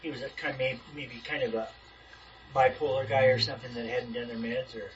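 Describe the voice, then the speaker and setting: A man's voice: mid-range voice, level tone, brisk. A man asks tentative questions during a group discussion, sounding far off and a little muffled, with faint hiss behind him. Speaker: Bible study group member. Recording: distant, muffled room mic.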